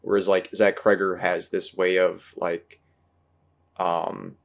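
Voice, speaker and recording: A man's voice: sits low, level tone, slow pace, vocal fry. A man in casual movie talk, rambling and searching for words with many fillers. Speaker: podcast host.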